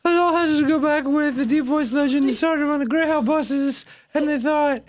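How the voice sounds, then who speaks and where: A man co-hosting a comedy podcast, ranting mock-earnestly with halting restarts. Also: very high-pitched. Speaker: podcast co-host. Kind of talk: casual comedy podcast chat.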